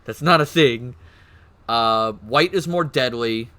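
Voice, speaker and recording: A man streaming, excitedly explaining game lore in casual chat, swearing and laughing. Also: mid-range voice, slow.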